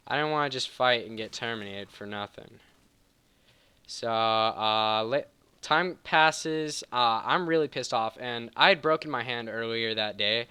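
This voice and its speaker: A man's voice: mid-range voice, bright, forceful tone, clean tone, no echo. A man telling a rambling, heated personal story over gameplay commentary, casual and profane, often stopping to correct himself. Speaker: gaming channel host.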